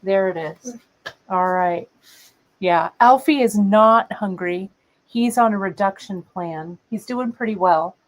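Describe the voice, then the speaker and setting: A woman in her fifties hosts a live craft stream from her workbench. She talks slowly and unhurriedly, rambling warmly between asides to her viewers and her cat. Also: medium pitch, rough recording. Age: 50s. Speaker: host of a live beading show. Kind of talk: casual live-stream chat. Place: workshop bench, indoors.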